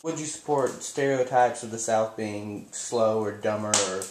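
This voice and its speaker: A man's voice: on the low side, a little slow, darkish tone. A man asking interview questions in a plain, direct way. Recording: echoey room, faint hiss.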